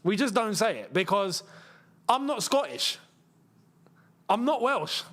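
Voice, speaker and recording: A man's voice: high voice, sing-song, takes it slowly, fairly bright tone. A young English man hosting a football watchalong, chatting casually with viewers and explaining things at length with lots of fillers. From England. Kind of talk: casual live-stream chat and commentary.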